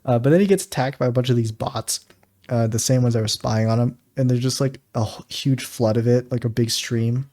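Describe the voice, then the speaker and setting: A man's voice: mid-range voice, fairly quick, dark tone. A man co-hosting a casual podcast, animatedly recapping an episode. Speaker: podcast co-host.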